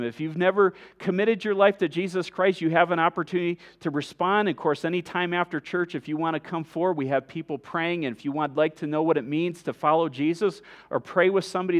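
High-voiced pastor preaching earnestly. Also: male voice. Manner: earnest, emphatic preaching with measured pauses. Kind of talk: sermon.

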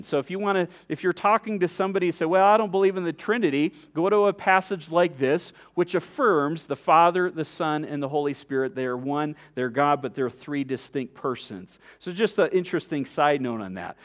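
A middle-aged man pastor preaching a sermon in an earnest, emphatic way, with measured pauses. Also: a little high.

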